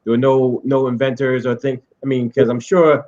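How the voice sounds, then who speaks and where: A man joining a casual panel discussion, speaking at a slow, measured pace. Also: medium pitch, flat delivery, a little mellow, dull audio. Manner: measured, deliberate speech.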